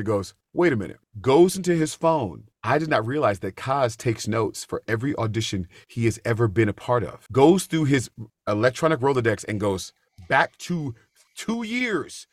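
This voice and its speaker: Animated storytelling man, dry close sound. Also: no room sound. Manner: animated storyteller with big pitch jumps when quoting. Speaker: guest, Broadway actor. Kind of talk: casual chat.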